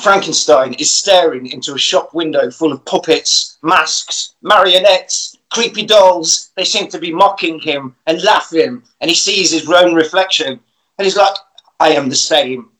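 A man with a notably high voice recaps a bad film for his co-hosts. He tells it with lively energy and plenty of casual swearing. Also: unhurried, low-quality recording. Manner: animated storytelling, swears often. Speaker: podcast co-host. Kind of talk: comic plot recap.

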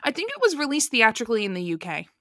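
A woman co-hosting a casual film-review podcast, animated, swearing freely and laughing often. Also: a little high, quick pace, no room sound, clean studio sound. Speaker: podcast co-host.

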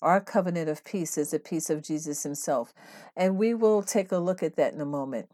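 A woman hosting a devotional podcast, teaching in an earnest, steady way and reading scripture aloud. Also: low voice, brisk. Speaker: podcast host.

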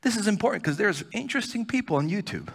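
A man preaching a sermon as pastor, swinging between loud pleading and hushed near-whispers. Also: sits high, very animated, fast talker, gravelly, husky. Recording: church hall reverb.

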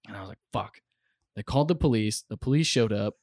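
A man's voice: mid-range voice, quick pace, no room sound. Rambling, profane American man. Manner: rambling, profane, with many fillers. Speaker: podcast guest. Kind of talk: casual storytelling. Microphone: close studio mic.

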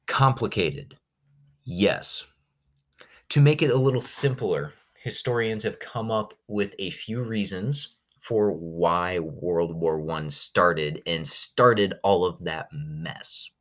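A man's voice: low voice, slow, fairly bright tone. A male history teacher recording a podcast lesson for his class, telling the story with energy and slipping into goofy voices for the countries.

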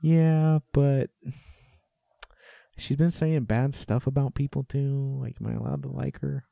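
A man's voice: mid-range voice, fairly even intonation, a little slow, gravelly, warm tone, dry recording, clean studio sound. A man co-hosting a casual podcast chat, teasing his co-host, swearing freely and laughing often.

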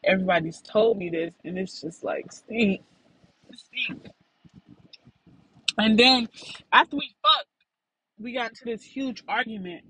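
A woman's voice: a little high, pushed and bright, slightly rough, low-quality recording. A young woman telling a frank story to her listeners in a rambling, casual way.

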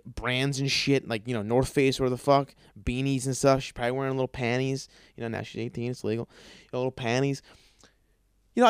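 A man hosting a podcast from his apartment, ranting with constant swearing, stuttering and repeated words, jumping between yelling and mumbling. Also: on the high side, clean tone, dry recording, studio quality. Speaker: podcast host. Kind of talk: profane ranting monologue. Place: his apartment, in a dark room. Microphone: studio microphone.

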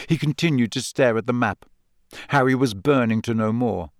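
Guy reading an audiobook, steady mid-pitched voice, dead dry sound. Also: normal speed, no room sound. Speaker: audiobook reader. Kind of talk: scripted narration.

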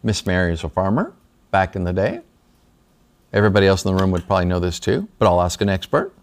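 A man's voice: sits low, very animated, quick pace. A man teaching a Bible study class in a small room, talking conversationally with a slight lisp from retainers and often checking in with the class.

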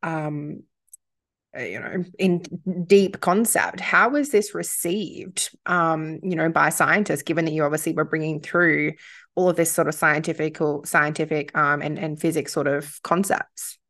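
A woman's voice: low-pitched, fairly even intonation, unhurried, a bit bright. A woman hosting a podcast, asking hesitant questions with lots of fillers. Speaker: podcast host. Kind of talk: interview questions.

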